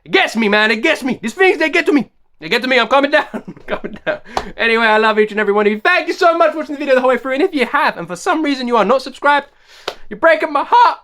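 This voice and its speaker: A man hosting a music reaction video, ranting in an animated, excitable way and repeating himself for emphasis. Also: extremely high pitch, very fast, a little hiss or hum. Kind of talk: casual rambling rant to camera.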